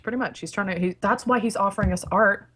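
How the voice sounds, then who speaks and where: A woman's voice: mid-range voice, quick pace, fairly bright tone, slightly rough. A young woman co-hosting a casual podcast, giggly and rambling as she spins a silly story. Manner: giggly, rambling, acts out silly voices in stories. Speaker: podcast co-host. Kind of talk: casual chat.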